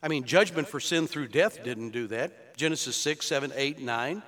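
A man's voice: medium pitch, normal speed, fairly bright tone. A male pastor preaching an expository sermon, explaining scripture in an earnest teaching tone that builds to emphatic peaks. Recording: long reverb of a large hall.

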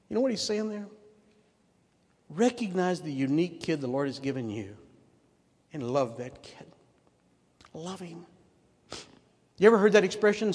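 Older guy preaching, earnest, asks the crowd questions, slightly high voice, long hall echo. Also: lively intonation, moderate pace, long pauses, breathy edge. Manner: earnest, with rhetorical questions to the audience. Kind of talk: sermon.

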